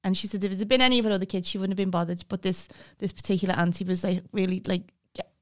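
Smooth-voiced woman telling stories. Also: mid-range voice, fairly even intonation, racing, a bit bright. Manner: rambling anecdotal storytelling with swearing. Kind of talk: casual chat.

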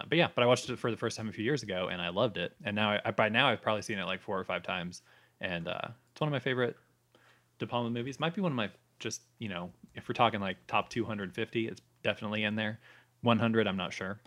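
A man's voice: on the low side, sharp tone. A man co-hosting a podcast, chatting casually and enthusiastically, rambling with fillers as he goes. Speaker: podcast co-host. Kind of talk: casual chat.

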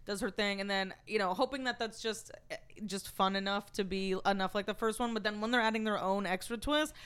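Fast-talking, profane woman. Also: medium pitch, smooth. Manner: animated, profane, laughing often. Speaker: podcast co-host. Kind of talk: casual chat.

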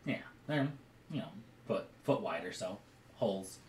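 A man narrating as game master of a tabletop game, describing scenes haltingly with many fillers. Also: fairly low pitch, animated, echoey room, a little hiss or hum.

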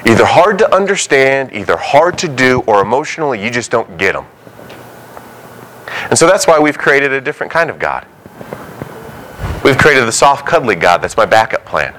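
Animated male pastor preaching. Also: mid-range voice, moderate pace, pauses often, slight background noise, low-quality recording. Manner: conversational preaching that acts out short quoted voices. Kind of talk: sermon.

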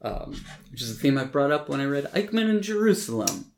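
A man's voice: medium pitch, sing-song, a little fast, creaky, a little hiss or hum. A man hosting a podcast, casually recapping a film in a rambling way, full of likes and ums, with occasional swearing. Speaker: podcast host.

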